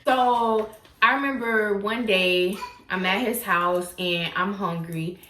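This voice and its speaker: Animated young woman telling a story. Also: slow pace, roomy sound, slight background noise. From South Florida. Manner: animated, dramatic retelling with acted-out quotes and sudden pitch jumps. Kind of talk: casual storytime vlog.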